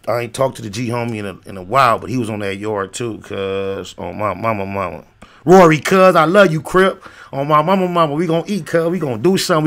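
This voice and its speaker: Gravelly low-voiced older man rambling. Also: a bit bright. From Los Angeles area, USA. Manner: slangy, rambling storytelling with many fillers. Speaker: host. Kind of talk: casual livestream chat.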